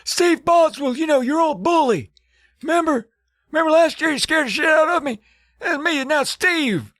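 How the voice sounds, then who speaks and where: A man voicing a panicky teenage boy turned into an old man, whining and pleading in a shrill voice. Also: lively intonation, normal speed, a bit bright, dry recording, clean studio sound. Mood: whiny pleading. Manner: shrill, whiny, frantic pleading.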